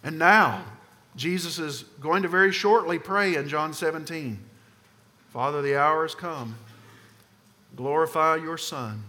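Forceful preacher man in reverberant hall. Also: medium pitch. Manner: emphatic, questions the congregation, swings between loud and soft. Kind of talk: sermon.

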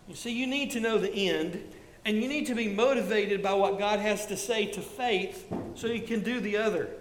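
A man around sixty preaching a sermon, earnestly repeating his points and going quiet when telling a personal story. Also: sits high, echoey room, in a large hall, a little hiss or hum, low-quality recording. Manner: earnest, repetitive exhortation, drops soft for stories. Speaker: pastor.

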